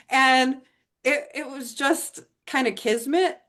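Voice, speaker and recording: A woman's voice: on the high side, expressive, normal speed, a bit bright. A middle-aged woman telling a chatty, emphatic testimonial story to an audience, rambling with restarts. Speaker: network marketing speaker.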